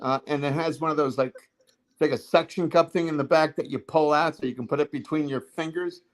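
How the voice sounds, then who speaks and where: A man's voice: fairly high pitch, steady tone, a little fast, low-quality recording. A man telling stories in a casual livestream chat, rambling with many fillers and restarts.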